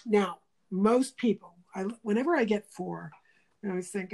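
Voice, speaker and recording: Animated woman acting out quoted speech. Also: mid-range voice, moderate pace, vocal fry, husky. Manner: animated storyteller who acts out quoted speech; thinks aloud with frequent restarts. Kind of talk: casual conversational interview.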